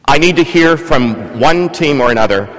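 A man's voice: a little high, lively intonation, moderate pace, fairly bright tone. A man preaching a sermon in a large church, talking casually and drawing the congregation in with questions. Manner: conversational, engages congregation with questions. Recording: long church reverb.

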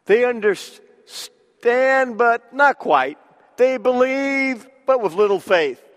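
Male preacher, sermon, high voice for a man, long echoing reverb. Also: lively intonation, a bit bright. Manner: slow, deliberate, with emphatic pauses.

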